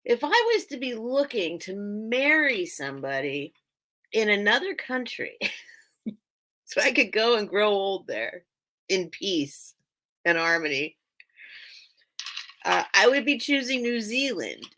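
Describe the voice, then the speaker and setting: A woman's voice: mid-range voice, sing-song, slow pace, pauses often, pushed and bright. A woman hosting a live online sale, chatting casually and rambling as she loses her train of thought and laughs often. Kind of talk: casual live-stream chat.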